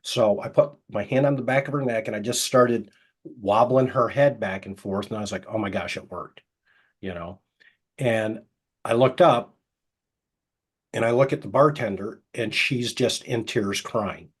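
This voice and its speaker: A middle-aged man who works as a hypnotist, telling anecdotes casually and acting out the quoted dialogue, with a soft, slow voice for the hypnotic suggestions. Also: on the low side, husky. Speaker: hypnotist guest. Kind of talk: casual storytelling interview.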